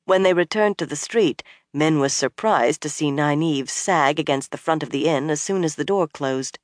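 An audiobook narrator reading a fantasy novel in a measured storytelling manner. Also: mid-range voice, dry recording, studio quality. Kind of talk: scripted narration.

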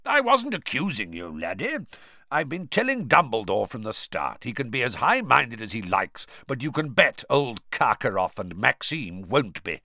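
A man reading an audiobook, voicing a gruff, suspicious, grizzled older male wizard with a growl. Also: medium pitch, very animated, moderate pace, pushed and bright, no room sound, studio quality, exaggerated voice.

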